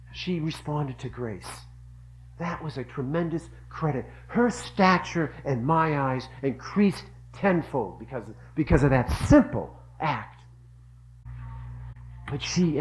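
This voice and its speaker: A man's voice: fairly high pitch, expressive, takes it slowly, slight background noise, rough recording. A middle-aged man giving an earnest devotional talk, telling stories and repeating phrases for emphasis. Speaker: religious speaker.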